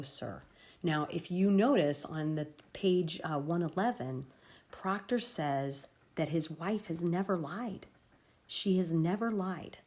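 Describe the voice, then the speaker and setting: In a recorded lesson, a woman teacher talks her students through a play in a conversational way, often checking in with "okay?". Her voice is deep and darkish in tone.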